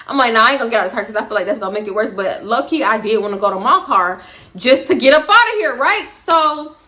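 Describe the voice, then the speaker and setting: A young woman with a Southern US accent telling a profane, animated story, acting out other people's lines. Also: on the high side, fairly quick. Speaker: storytime vlogger. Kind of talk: casual storytelling.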